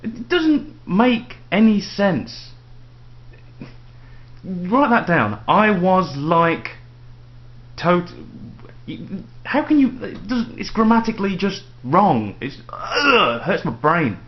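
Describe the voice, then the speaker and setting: A man's voice: high voice, sing-song, slow. A man ranting sarcastically to camera in a casual vlog at home. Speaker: vlogger. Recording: dull lo-fi home video with faint noise.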